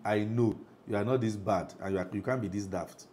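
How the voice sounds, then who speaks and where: A man's voice: fairly low pitch, fairly even intonation, a little fast, dark tone, slight background noise. A middle-aged Nigerian man preaching a sermon as pastor, emphatic, often asking the congregation if they follow.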